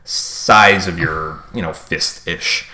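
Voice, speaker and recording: A man's voice: sits low, slow pace, bright, forceful tone. A young man chatting casually as a podcast host, telling rambling, playful stories. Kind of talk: casual chat.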